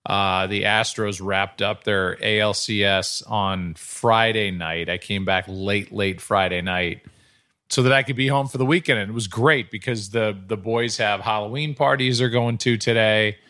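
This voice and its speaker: A man's voice: fairly low pitch, steady tone, unhurried, bright, forceful tone, dry recording, clean studio sound. A middle-aged man, a podcast host and sports broadcaster, telling long, rambling anecdotes in casual chat.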